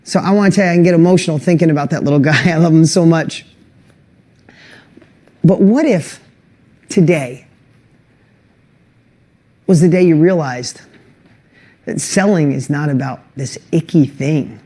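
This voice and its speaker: A middle-aged man hosting an online course webinar, talking earnestly and emotionally and getting louder on rallying lists. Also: fairly high pitch, normal speed, pauses often. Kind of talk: motivational webinar talk.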